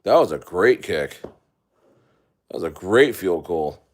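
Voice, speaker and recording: A man's voice: low voice, lively intonation, takes it slowly. A man talking casually on his crypto livestream, rambling and joking with frequent profanity and laughter.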